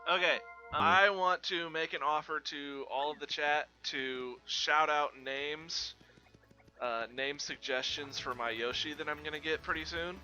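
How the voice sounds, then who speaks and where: A man's voice: fairly high pitch, fairly even intonation, a little slow, sharp tone, faint music behind. A man giving upbeat, chatty commentary on a game stream, recorded in dull lo-fi audio. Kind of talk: gameplay commentary.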